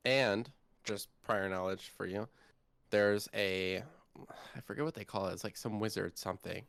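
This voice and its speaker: A man's voice: fairly low pitch, moderate pace, vocal fry, fairly bright tone, dry recording. A man of about twenty, co-hosting a casual podcast chat and telling a long, rambling story with lots of energy. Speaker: co-host.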